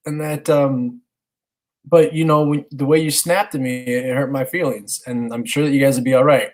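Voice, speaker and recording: A man in his thirties co-hosts a podcast in an easygoing, chatty way. He tells family stories with animated energy and often jumps into his kids' voices. His voice sits at an ordinary, mid-range pitch. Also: moderate pace, rough recording. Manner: animated storyteller, acts out his kids' lines. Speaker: podcast co-host, stay-at-home dad. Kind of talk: casual chat.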